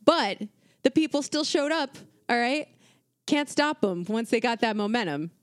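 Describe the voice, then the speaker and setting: A woman's voice: fairly high pitch, lively intonation, normal speed, clear, resonant tone, no room sound, studio quality. A woman co-hosting a casual history podcast, talking in an irreverent, profane, conversational way with plenty of fillers. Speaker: podcast co-host.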